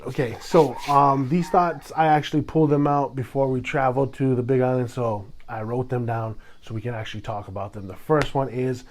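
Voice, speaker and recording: A man from Hawaii hosting a solo podcast, talking at an ordinary middle pitch. He rambles through his stories and turns dramatic, breaking into sudden loud bursts. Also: fairly even intonation, brisk, hardly any pauses, a little hiss or hum. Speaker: podcast host. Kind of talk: solo casual podcast talk.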